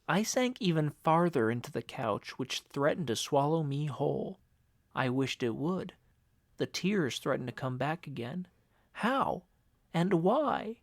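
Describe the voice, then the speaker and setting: A man's voice: fairly high pitch, animated, measured pace, dry recording, studio quality. A man narrating an audiobook in the first person, emotional and upset.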